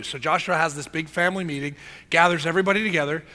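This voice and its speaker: A man preaching a sermon as pastor, casual and animated, acting out the people he tells about, in a church hall. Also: on the high side, quick pace. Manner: casual, animated storytelling with acted-out quotes. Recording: long hall reverb.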